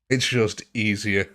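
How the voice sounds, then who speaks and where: A man's voice: medium pitch, fairly bright tone. A man live-streaming a game, chatting casually, answering viewers' comments and laughing often. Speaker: gaming livestreamer.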